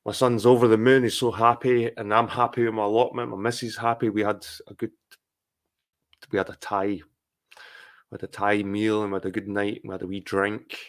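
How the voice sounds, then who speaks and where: A man's voice: on the low side, level tone, a little fast. Sweary, rambling Scottish man. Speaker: streamer. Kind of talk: casual live-stream chat.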